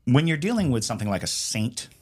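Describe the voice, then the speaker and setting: A man co-hosting a casual chat, joking and filling pauses with ums and uhs. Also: mid-range voice, husky. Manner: joking, animated, trails off with fillers. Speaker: podcast co-host.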